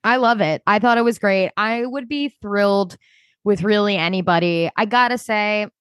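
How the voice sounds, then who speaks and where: A woman co-hosting a podcast, talking fast and animated and often acting out what people said. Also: medium pitch, clear, resonant tone, no echo. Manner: animated, quick, quotes people in character. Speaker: podcast co-host. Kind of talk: casual chat.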